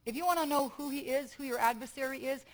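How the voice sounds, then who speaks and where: A woman's voice: sits high, fast talker, low-quality recording. A woman preaching a sermon in church, emphatic and repetitive, calling out to the congregation.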